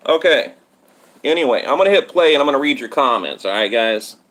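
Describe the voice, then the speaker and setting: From his Texas home setup, a man hosting a boxing channel live stream rambles casually, talking straight to viewers and reading their comments off a tablet. His mid-range voice is expressive, a little fast and fairly bright.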